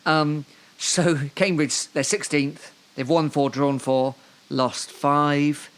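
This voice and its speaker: A man's voice: on the high side, steady tone, slow, clean tone. A man from Devon co-hosting a casual football podcast, rambling through the news with dry, joking asides. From Devon, England. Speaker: podcast co-host.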